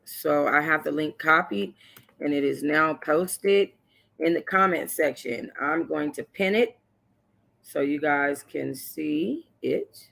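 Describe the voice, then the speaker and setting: A woman's voice: low voice, slow pace, creaky, fairly bright tone. A woman talking straight to her viewers in a loose, unscripted stream. She is sassy and emphatic and drops in slangy asides to make her points. She sounds like she is chatting with friends. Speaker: YouTube host reviewing a reality show. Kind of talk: casual livestream commentary.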